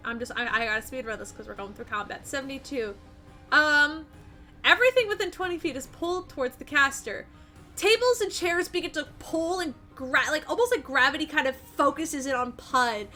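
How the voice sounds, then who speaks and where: Bright high-voiced woman game master. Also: a little fast, soft background music. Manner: animated, loose narration with many fillers. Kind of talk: narrating a tabletop game. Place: home streaming setup. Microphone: streaming mic.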